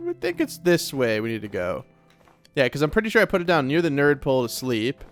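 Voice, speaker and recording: A man's voice: mid-range voice, wildly swooping pitch, a little fast, soft background music. A man hosting a let's play, giving casual gameplay commentary in a chatty, nervous way as he talks to himself. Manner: chatty, nervous self-talk.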